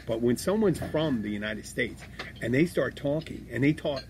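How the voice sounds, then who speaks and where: A man's voice: medium pitch, lively intonation, normal speed, a little mellow. A middle-aged man hosting a casual podcast about bar work, talking in a rambling, profane way with many restarts. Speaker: podcast host, bartender. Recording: faint background noise.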